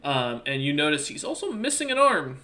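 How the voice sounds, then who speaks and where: A man's voice: a little high, sing-song, brisk, sharp tone. A man narrating a tabletop game as game master in a loose, casual way with lots of fillers.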